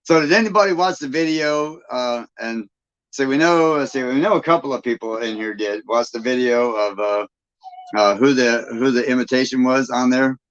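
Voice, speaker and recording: A man's voice: mid-range voice, normal speed. A man from Michigan hosting a live stream, chatting casually and folksily with viewers and laughing often. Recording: dull lo-fi sound.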